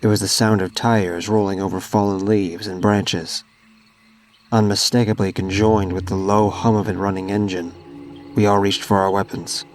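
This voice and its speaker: A man reading a horror story aloud as a guest narrator, in a steady, measured way. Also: lowish voice, soft background music.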